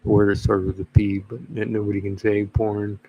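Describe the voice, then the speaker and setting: A father talking casually to camera, halting and slow, with many fillers and pauses. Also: fairly low pitch, little pitch movement, warm tone, a little hiss or hum. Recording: dull lo-fi recording.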